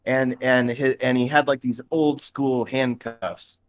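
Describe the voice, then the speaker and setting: A man's voice: medium pitch, steady tone, measured pace, slight background noise. A man co-hosting a podcast, telling a long story in casual chat, with lots of fillers and restarts. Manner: rambling, many fillers and restarts. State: shivering in a cooling bath. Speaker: podcast co-host.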